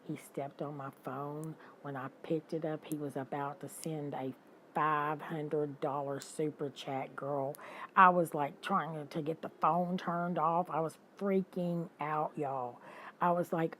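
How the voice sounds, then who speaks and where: Older woman host, chatty and animated, slightly low voice, faint background hiss. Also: unhurried, rough recording. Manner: chatty, animated, laughs often and greets viewers by name. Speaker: livestream host. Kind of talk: casual chat with live viewers.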